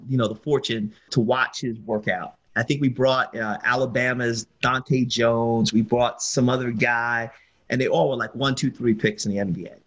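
A husky-voiced middle-aged man spins a lively story. He jumps into other people's voices and laughs along as he goes. His pitch sits in the middle. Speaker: guest telling a story. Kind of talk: animated storytelling.

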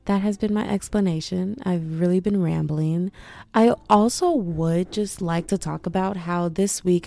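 A woman's voice: mid-range voice, gravelly, mellow, dry recording. A young woman vlogging in a chatty, rambling way, full of asides and "like"s. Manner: chatty, self-interrupting, many "like"s. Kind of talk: casual rambling chat.

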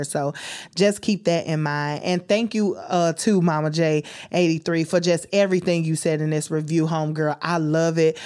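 A young woman hosts a casual faith podcast. She talks in a chatty, preachy way, fond of calling her listeners homegirls. Her voice sits a touch low. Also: steady tone, normal speed, clean tone. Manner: chatty and warm-hearted, preachy, calls listeners homegirls and baby. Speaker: podcast host.

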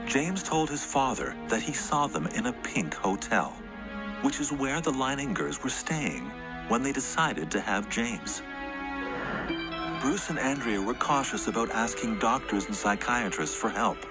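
Male documentary narrator, expressive, rising and falling lines, music bed behind. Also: medium pitch, measured pace. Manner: dramatic storytelling delivery. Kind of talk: scripted narration.

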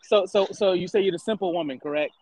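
On a casual adult chat podcast, a man in his thirties talks quickly in a high-pitched yet darkish voice, heard through a low-quality recording. He teases a co-host with questions and then explains his opinions at length.

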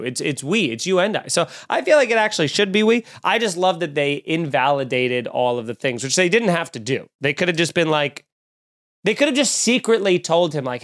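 A young man with a somewhat higher-pitched voice co-hosts a loose comedic chat. He riffs with sarcasm and profanity and slips into mock voices as he goes. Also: expressive, brisk, fairly bright tone. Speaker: podcast co-host.

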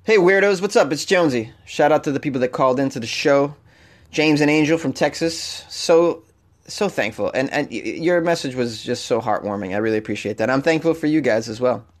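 A man's voice: mid-range voice, animated, brisk. A man hosting a comedy news podcast, talking casually with crude, rambling jokes. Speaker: podcast host.

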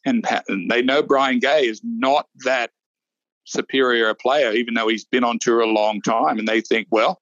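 A man co-hosting a casual golf preview chat, animated and rambling, often restarting his sentences. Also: mid-range voice, moderate pace, no echo, highs cut off. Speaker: golf show co-host.

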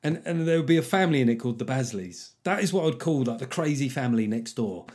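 A man hosting a solo comedy podcast, riffing in a chatty, sardonic way with puns and quick mock voices. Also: mid-range voice, animated, darkish tone.

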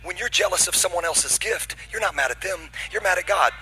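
A man preaching a sermon to his congregation in a church, building to shouted climaxes and bantering playfully with the people in the pews. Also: sits high, lively intonation, brisk, noisy background. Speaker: pastor. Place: church auditorium.

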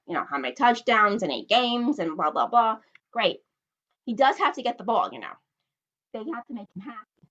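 A woman's voice: medium pitch, muffled recording. A woman hosting a solo podcast, giving blunt, opinionated sports commentary and hammering her points home with repetition. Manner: blunt, emphatic, repeats points for stress. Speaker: podcast host.

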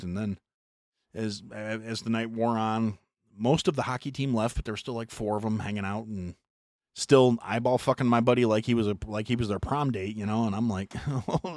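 A middle-aged American man hosting a podcast, telling a long story in a profane, animated way with mock voices. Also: fairly low pitch, brisk, no echo, clean studio sound. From United States. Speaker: podcast host. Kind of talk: casual storytelling chat.

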